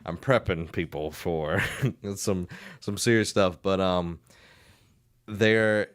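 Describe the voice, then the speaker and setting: Speaking with a Southern American accent, this young podcast co-host, who also directs a school band, drifts through stories with lots of filler words and quick laughs in casual chat. His low voice is steady and slow, captured in a dry, studio-quality recording.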